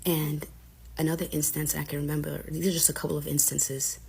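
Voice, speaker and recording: A woman's voice: low-pitched, level tone, fairly quick, vocal fry, a little mellow, husky. A young woman casually recounting a personal story, candid and frustrated, acting out the lines of family members as she goes.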